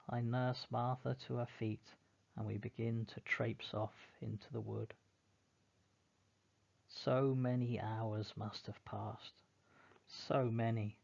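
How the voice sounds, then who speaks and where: Man reading a story really slowly, gravelly voice, dull lo-fi sound. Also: medium pitch, a little mellow. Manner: slow, measured, mournful reading. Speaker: narrator. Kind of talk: first-person storybook reading.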